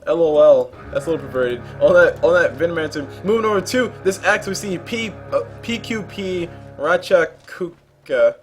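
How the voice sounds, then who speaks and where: A man's voice: a little high, brisk, few pauses, soft background music. A young man casually commentating a game replay, rambling into jokey asides along the way.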